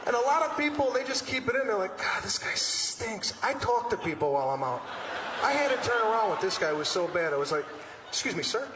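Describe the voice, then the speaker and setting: A man doing a stand-up routine on stage, telling stories in an animated, exasperated way with acted-out asides. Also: high voice, fast. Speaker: stand-up comedian. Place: comedy stage before a live audience. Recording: roomy venue with live audience and noise.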